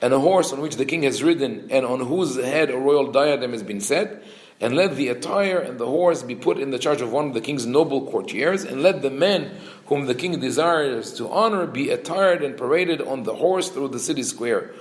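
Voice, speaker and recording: A medium-pitched male voice leads a Torah lesson as a rabbi, speeding through Hebrew verses and then translating and unpacking them. When characters speak, he acts out their lines expressively. Noticeable echo fills the room.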